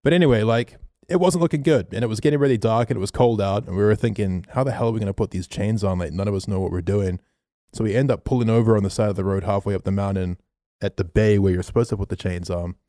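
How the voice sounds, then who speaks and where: A man's voice: fairly low pitch, quick pace, no echo, clean studio sound. A young man on a podcast, telling a story casually and swearing often. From Australia. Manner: animated storyteller, swears a lot. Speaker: podcast co-host.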